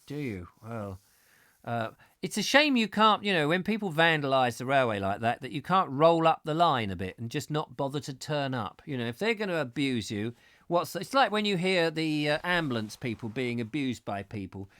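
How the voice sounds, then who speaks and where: A man's voice: fairly high pitch, very animated, normal speed, fairly bright tone, no room sound, studio quality. A middle-aged man hosting a live comic chat show, reading out viewer comments with playful, rambling jokey asides.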